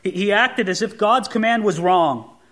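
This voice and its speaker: At a normal speed and a high-sitting pitch, a male pastor delivers an animated expository sermon. Rhetorical questions aimed at the congregation punctuate swings from emphatic peaks down to hushed moments.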